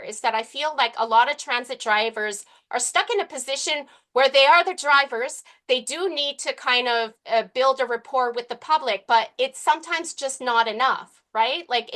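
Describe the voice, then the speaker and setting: A woman's voice: high-pitched, pushed and bright. A woman speaking earnestly as a committee member at a public meeting, rambling with fillers and restarts.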